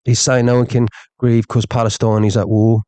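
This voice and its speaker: A man's voice: mid-range voice, little pitch movement, moderate pace, warm tone, clean tone, no room sound. A man hosting a livestream, ranting heatedly and saying "mate" over and over. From England. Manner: heated, repeats "mate" often. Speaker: livestream host.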